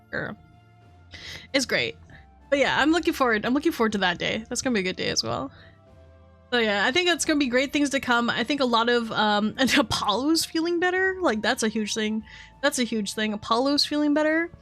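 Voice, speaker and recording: A woman streamer chatting casually with her viewers. She is excitable and giggly and swears freely. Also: fairly high pitch.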